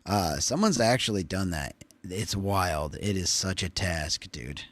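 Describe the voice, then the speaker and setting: Casting: young male streamer, bouncy animated pitch, jokey chat banter, dry close sound. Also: measured pace, hardly any pauses, no echo. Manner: loose, swearing, jokey with chat. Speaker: livestreamer. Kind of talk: casual chat.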